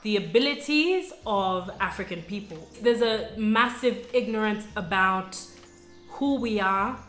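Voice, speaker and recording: In a room with noticeable echo and faint background music, a young Sudanese woman vlogs about her life, earnest and reflective, talking casually with plenty of asides and frequent "you know" and "like." Her voice is mid-range, fairly bright, and unhurried.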